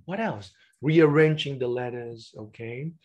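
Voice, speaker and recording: Over a webcam, a man whose first language is Vietnamese leads an online teacher-training session, explaining classroom games step by step. His voice is medium-pitched, a little slow and darkish, and the recording sounds muffled.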